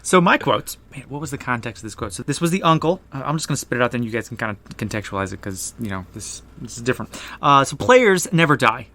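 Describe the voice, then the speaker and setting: Man, bright tone, relaxed joking, movie podcast chat. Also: medium pitch, fast talker. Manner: laid-back, joking. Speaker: podcast co-host. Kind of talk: casual movie review chat.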